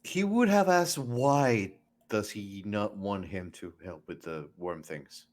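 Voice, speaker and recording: A man's voice: on the low side, expressive, slow pace. A man playing a tabletop game, hesitantly thinking aloud about what his character does. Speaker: player.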